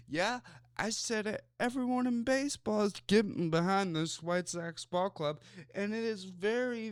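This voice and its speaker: A man's voice: high-pitched, clear, resonant tone, no room sound, studio quality. A man with a Chicago accent hosting a sports talk show, rambling loosely with plenty of fillers and asides. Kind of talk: casual sports commentary chat.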